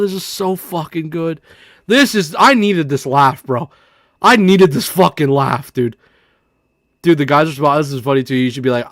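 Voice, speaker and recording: A man's voice: on the high side, expressive, moderate pace, a bit bright, dry recording, clean studio sound. A man giving casual live-stream commentary to his chat, laughing hard and swearing as he reacts to a clip, at a desk microphone in his home setup. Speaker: livestreamer.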